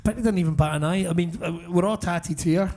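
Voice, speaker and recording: A man's voice: high-pitched, fairly quick, a little mellow. A man hosting a live podcast on stage. He teases his guests, jokes and swears. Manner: joking, teasing, sweary. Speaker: podcast host.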